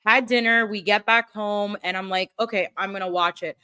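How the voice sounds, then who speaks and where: A woman's voice: mid-range voice, moderate pace, clean tone. A young woman hosting a podcast, chatting casually and acting out her own reactions as she tells stories. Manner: animated storyteller, acts out her own reactions. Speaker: podcast host. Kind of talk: casual chat.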